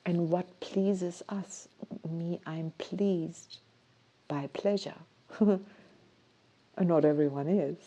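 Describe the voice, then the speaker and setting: A woman hosting a show, musing in a soft, rambling way and often breaking off mid-thought. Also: on the low side. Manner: dreamy, rambling, soft-spoken with self-interruptions. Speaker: host. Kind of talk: casual musing monologue.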